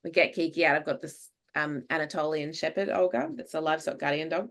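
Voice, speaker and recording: An Australian woman hosts a podcast in a relaxed, chatty way, her voice sitting a little low. She tells stories with energy, acts out other people's words and laughs easily. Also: fast talker. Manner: lively anecdotes, acts out what people said, laughs often. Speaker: podcast host. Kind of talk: casual chat, animated storytelling.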